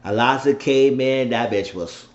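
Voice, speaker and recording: A man giving a casual, rambling recap of a reality show episode, retelling scenes with animated mimicked quotes. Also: mid-range voice, a little slow. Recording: roomy, dull lo-fi sound with faint noise.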